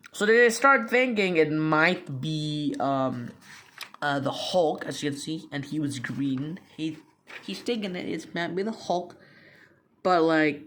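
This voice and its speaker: A man's voice: fairly high pitch, a bit bright. A young man casually recapping a comic book, rambling with lots of fillers, restarts and slang.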